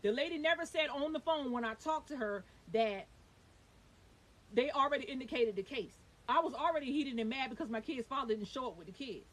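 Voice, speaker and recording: Fast-talking woman telling her story, heated. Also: sits high, lively intonation, poor audio. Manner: fast, emphatic, swears when upset. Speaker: vlogger. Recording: faint hiss.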